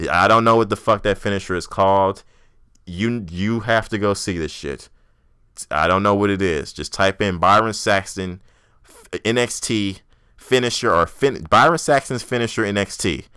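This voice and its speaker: A young podcast host with a low, bright, forceful voice delivers a blunt, profane, ranting wrestling review on his own, mocking people in exaggerated voices. The recording is dry, clean, and studio quality.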